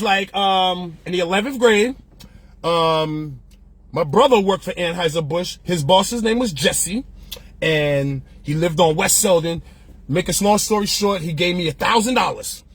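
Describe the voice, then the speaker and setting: A man with a high, husky voice delivers a passionate, profanity-laced rant as the host of his opinion show. He talks loosely and heatedly, with lots of slang, like someone holding court among friends. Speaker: podcast host. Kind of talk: ranting opinion monologue.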